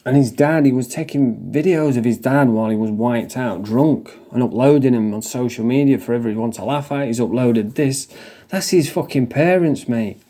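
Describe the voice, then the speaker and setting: A man's voice: medium pitch, moderate pace, warm tone. Mocking, foul-mouthed English man. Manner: swearing, mocking, laughs often. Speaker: commentator reacting to clips. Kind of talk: crude casual commentary.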